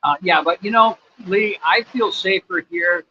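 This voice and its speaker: A man's voice: high voice, measured pace. A man from the United States hosting a casual livestream, answering viewer questions in a rambling, laid-back way with lots of fillers. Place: his home in Cambodia. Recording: slightly dull sound, faint background noise.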